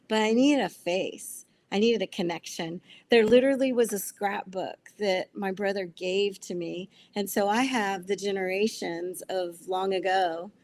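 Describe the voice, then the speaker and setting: A woman guest on a video call, telling her faith story in an earnest, animated way and acting out the voices of people she quotes. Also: medium pitch, slight background noise. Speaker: guest sharing testimony. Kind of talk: testimony interview.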